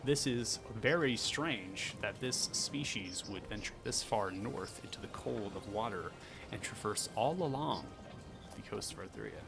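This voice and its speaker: A man's voice: lowish voice, lively intonation, measured pace, vocal fry, music in the background. A man narrating and explaining rules as game master in a tabletop game, hesitant and correcting himself as he goes. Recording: noisy background.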